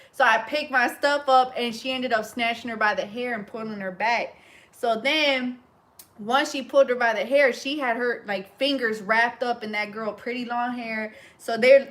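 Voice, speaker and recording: A woman hair braider talking casually while she works, telling an animated, slangy story and chatting to her viewers. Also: on the high side. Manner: animated, slangy, acts out quoted voices; chatty, talks to viewers as y'all.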